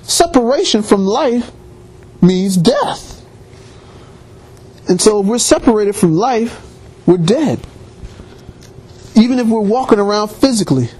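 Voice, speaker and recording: A male preacher delivers a sermon in a husky voice. His pitch swoops widely as he drives his points home, climbing to emphatic peaks. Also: expressive, unhurried, long pauses, darkish tone.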